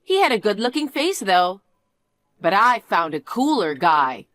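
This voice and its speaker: A woman's voice: medium pitch, very animated, a little slow, a bit bright, no echo. A woman voicing a spoiled young niece who stole her aunt's husband, talking in a sneering, sing-song, teasing way in a scripted dialogue drama. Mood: flippant.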